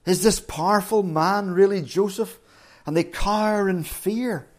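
A man's voice: high voice, unhurried. A middle-aged man preaching a sermon, retelling a story dramatically and acting out the quotes.

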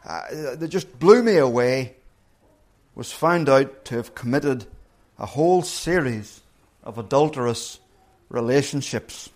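A man preaching a sermon in an earnest manner, his pitch rising and falling as he acts out the story. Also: lively intonation, slow pace, darkish tone. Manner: earnest, wide pitch swings when acting out voices.

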